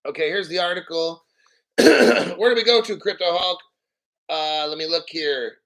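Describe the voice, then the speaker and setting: A male crypto host rants on his live stream in a brash, mocking manner, swearing freely. His voice sits fairly high for a man. He clears his throat again and again between points. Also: a little slow, fairly bright tone, poor audio.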